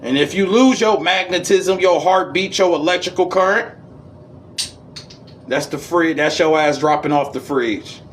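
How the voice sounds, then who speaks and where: A man giving a casual esoteric lecture, reading passages aloud and riffing on them in profane street slang, swinging between high and low registers. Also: unhurried, slight background noise. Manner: reads passages, then riffs in profane slang.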